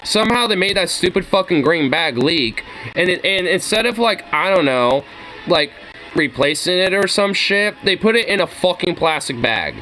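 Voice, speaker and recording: A man's voice: sits high, expressive, normal speed, pushed and bright, slight background noise. A young man filming his workplace kitchen on a phone, ranting and swearing in frustration. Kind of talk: profane ranting vlog.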